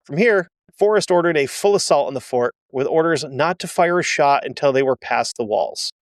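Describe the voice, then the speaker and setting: Guy doing a casual history show, blunt sarcastic asides, slightly high voice, dry mic. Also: expressive, moderate pace, no echo. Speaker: history podcast host.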